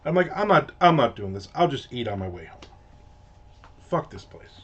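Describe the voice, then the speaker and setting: A man's voice: medium pitch, sing-song, normal speed, fairly bright tone, breathy edge. A man hosting a casual ranting monologue, telling a story in a profane, exasperated way. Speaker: host. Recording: dull lo-fi audio.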